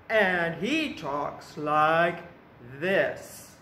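A woman presenting a library storytime, telling a folk tale to young children in a slow, expressive way. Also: fairly high pitch. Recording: roomy echo with faint background noise.

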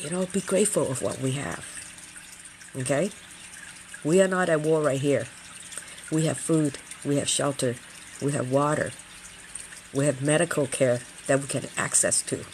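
A woman's voice: low voice, moderate pace, long pauses, a little hiss or hum. A middle-aged woman hosting a casual feng shui livestream, talking earnestly and chattily and often repeating her phrases.

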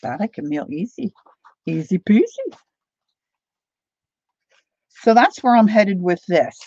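A woman's voice: mid-range voice, very animated, takes it slowly, warm tone, no echo. A middle-aged woman hosting a craft livestream, chatting casually and rambling through stories while she talks to viewers by name. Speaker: craft channel host. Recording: dull lo-fi dry home recording.

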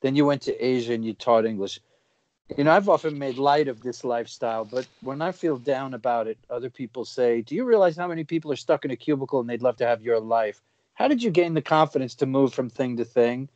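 A middle-aged man hosting a casual interview, reflective and relaxed, asking long rambling questions. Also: fast talker, no room sound. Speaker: podcast host. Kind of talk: casual chat. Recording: dull, dry low-fidelity sound.

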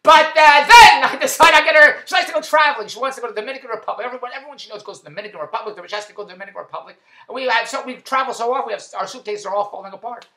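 A man's voice: very high voice, pushed and bright. Joke-cracking middle-aged man, echoey room. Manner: rapid-fire old-school joke telling, repeating punchlines. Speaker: husband sending a birthday message. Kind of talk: comic birthday monologue of one-liner jokes.

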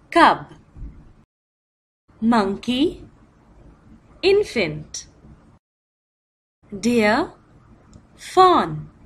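A woman narrating a children's learning video. She names each item slowly and distinctly and imitates animal cries playfully. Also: a little high, fairly bright tone, slightly rough. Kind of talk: slow, clear teaching narration for young children.

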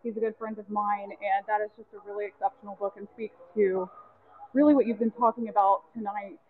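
A woman's voice: mid-range voice, steady tone, fairly quick. A woman calling in from the gym, a little out of breath, chatting in an earnest and grateful way. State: slightly out of breath. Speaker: caller. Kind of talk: casual call-in comment. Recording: tinny phone line.

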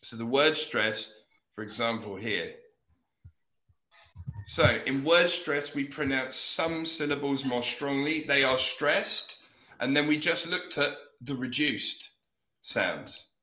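A man teaching English pronunciation on a video call, modelling words slowly and carefully. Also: medium pitch, lively intonation, bright, forceful tone, reverberant. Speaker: English tutor. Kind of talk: online pronunciation lesson.

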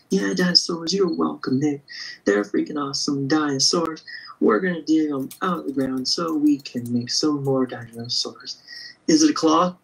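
A man's voice: a little high, moderate pace, creaky, husky, rough recording. A man drawing live and chatting with viewers in an upbeat, casual way, thinking aloud as he sketches. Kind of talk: casual livestream chat while drawing.

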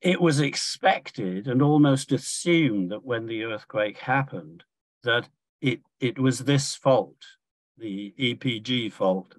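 An older man giving a measured academic lecture from slides, pausing often with fillers and restarts. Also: fairly low pitch, dry recording.

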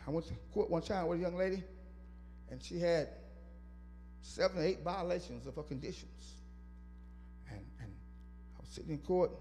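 A man's voice: on the high side, mellow, big-room sound. A man preaching a sermon as pastor, working call-and-response with his congregation and teasing them to respond. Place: church sanctuary.

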